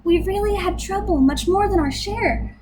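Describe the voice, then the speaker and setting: A woman's voice: very high voice, moderate pace, noisy background, pitched above the performer's own voice. A woman voicing a tiny, grateful male mayor who speaks in a polite, eager way.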